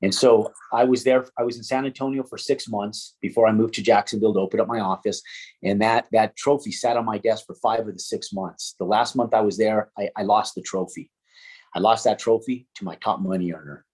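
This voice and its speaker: Husky-voiced man telling a story. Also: lowish voice, fairly quick. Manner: swears casually, animated with quoted dialogue. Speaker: interview guest, entrepreneur. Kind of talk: casual storytelling.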